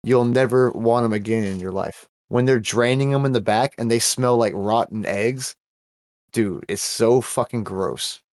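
A man's voice: medium pitch, unhurried, darkish tone, dry recording. Dry-sounding man ranting bluntly. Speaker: podcast co-host. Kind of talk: casual chat.

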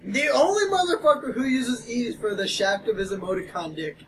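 A young man with a high voice tells a crude story in a laughing, excitable way. He sits a bit back from the mic, and a loud steady noise fills the background. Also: brisk, far from the mic. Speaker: podcast co-host. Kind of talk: casual chat.

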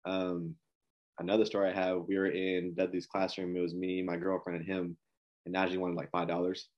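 A man's voice: low voice, completely flat delivery, a little fast, lo-fi sound. A man telling an amused story about an old friend, laughing as he goes. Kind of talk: anecdotal interview storytelling.

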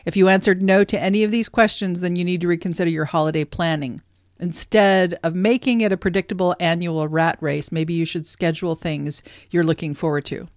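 A woman's voice: lowish voice, steady tone, a little fast, no room sound, clean studio sound. A woman co-hosting a casual podcast chat, laughing often and reading tips aloud from an article. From Southern California. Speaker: podcast co-host.

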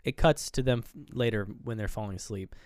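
A man chats through a movie's plot in a relaxed way, slipping into the characters' voices as he goes. His voice is smooth and clear, recorded close and dry with no room sound. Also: fairly low pitch, a little fast, no echo. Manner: retells scenes acting out characters' lines. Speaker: podcast co-host. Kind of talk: casual movie recap chat.

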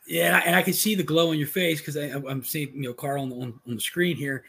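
A man's voice: fairly high pitch, steady tone, fast talker, sharp tone, breathy edge. A man hosting a podcast, chatty and friendly in casual interview talk, often repeating words. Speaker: podcast host.

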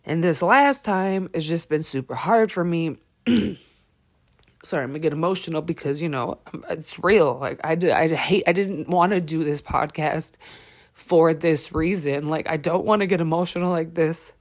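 Blunt, halting woman podcaster. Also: deep voice. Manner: blunt and emphatic, with frequent swearing; halting, with many fillers and restarts. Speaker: podcast host. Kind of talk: candid personal podcast monologue.

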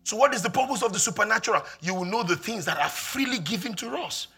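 Husky, bright-voiced Nigerian man preaching. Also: high voice, lively intonation, fast, faint music behind. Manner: emphatic preaching, repeats phrases, builds to shouts. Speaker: pastor. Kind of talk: sermon.

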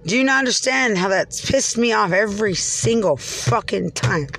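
A woman's voice: mid-range voice, lively intonation, moderate pace, fairly bright tone, a little hiss or hum. A woman from Texas, ranting from inside her car in an agitated, profane, rambling way. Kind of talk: angry rambling rant.

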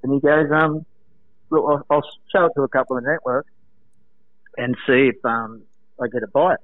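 An Australian man calling in to a radio show from home, telling stories in an animated way, laughing often and acting out quotes. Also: mid-range voice, normal speed, dry recording. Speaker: guest, former lifeguard. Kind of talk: casual storytelling on a radio call. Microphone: phone. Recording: tinny phone line.

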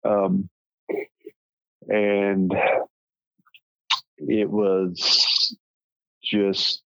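Slow, halting Southern man. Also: fairly low pitch, monotone, gravelly, sharp tone, dry recording, lo-fi sound. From Tennessee. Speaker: interview guest. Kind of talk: personal storytelling.

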